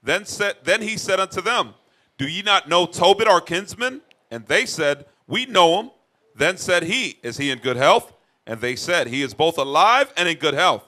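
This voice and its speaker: A man reading old scripture verses aloud at a steady, plain pace. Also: high-pitched, moderate pace. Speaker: scripture reader.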